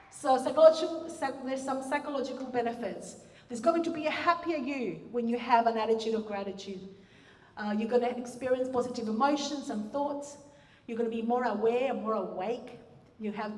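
A woman pastor giving a conversational sermon with restarts and fillers, recorded in a church hall. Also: fairly high pitch. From Australia. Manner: warm, conversational preaching with frequent restarts and fillers.

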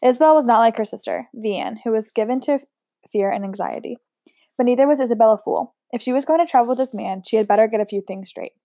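A woman reading a novel aloud in a steady voice, with chatty asides. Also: on the high side, fast talker, no echo, studio quality. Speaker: audiobook reader.

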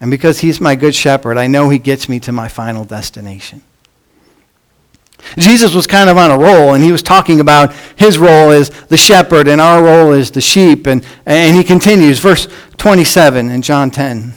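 Male pastor with a high-pitched voice preaching a sermon, moving between emphatic and hushed delivery. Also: moderate pace. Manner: reads scripture aloud with emphasis.

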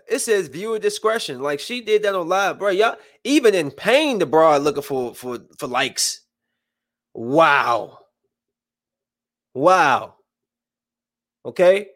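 A man in his thirties giving casual, joking live-stream commentary, swinging between loud bursts and hushed asides. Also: sits high. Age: 30s.

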